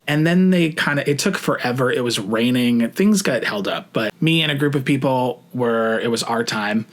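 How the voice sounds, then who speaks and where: A young adult man casually telling a story to camera, chatty and profane, full of "like" fillers, rushing some phrases and drawing out others. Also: mid-range voice, animated. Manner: shifts between rushed and drawn-out phrasing. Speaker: vlogger.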